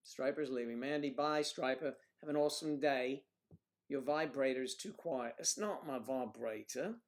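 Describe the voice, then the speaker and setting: A man's voice: medium pitch, moderate pace. A man hosting a casual livestream, chatting in a joking, rambling and playful way. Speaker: livestream host.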